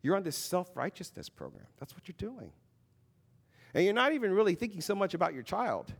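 Animated man giving casual faith talk. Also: high-pitched, brisk, gravelly. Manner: animated, conversational, with many fillers and acted-out quotes. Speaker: Christian speaker and parent.

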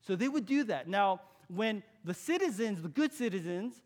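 High-pitched and lively in intonation, this California pastor preaches at normal speed in a conversational way. He questions his audience and lowers his voice to a hush for crucial points.

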